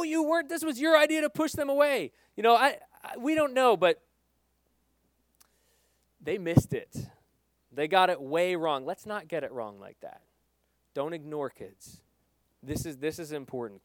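A middle-aged male pastor preaching with earnest emphasis, swinging between loud stresses and quiet asides. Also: on the high side, smooth, no room sound. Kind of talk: sermon.

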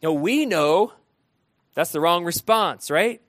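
A man preaching an interactive sermon, animated and often asking his listeners questions. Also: high-pitched, slow pace, no echo, clean studio sound. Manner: animated, asks the room questions.

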